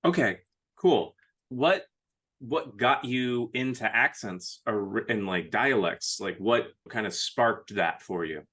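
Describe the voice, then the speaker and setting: A man's voice: lowish voice, expressive, slow pace, a bit bright. A man hosting a casual interview, rambling and poking fun at himself. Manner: self-deprecating, rambling. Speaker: host.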